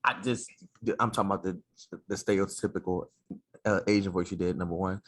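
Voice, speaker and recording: A man co-hosting a podcast in quick, playful, teasing banter. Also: sits low, fairly even intonation. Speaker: podcast co-host. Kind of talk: casual chat.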